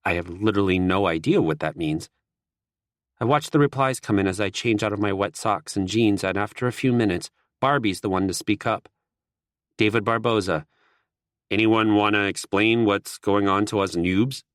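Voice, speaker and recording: A man reads a first-person audiobook in a steady, wry way. His voice sits on the low side. The sound is dry and close, with no room around it. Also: moderate pace, no room sound. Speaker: audiobook narrator.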